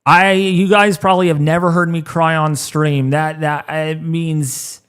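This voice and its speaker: A man in his thirties hosting a weather livestream, choked up and halting, repeating words as he talks. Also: a little high, little pitch movement, a bit bright, clear, resonant tone. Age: 30s. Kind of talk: emotional livestream talk.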